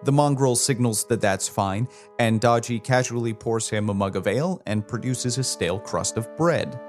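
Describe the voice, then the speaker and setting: A man narrating a tabletop game as game master, describing scenes in an animated way. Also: medium pitch, normal speed, soft background music. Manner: animated, descriptive, chuckling at slips.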